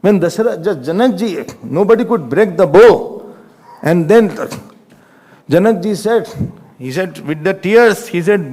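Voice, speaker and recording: A man's voice: high-pitched, measured pace, pauses often. A man with an Indian English accent giving a religious discourse, telling stories with chuckles and quoting scripture. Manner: animated, chuckling storyteller, quotes scripture. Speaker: spiritual teacher. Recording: reverberant lecture hall.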